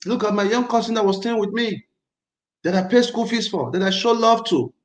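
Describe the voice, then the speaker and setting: A man originally from Nigeria hosts a casual livestream, tense and angry, hammering his points home by repeating them. His voice sits high for a man. The room gives it a noticeable echo. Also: a little fast. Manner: emphatic, repetitive, agitated. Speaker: livestream host.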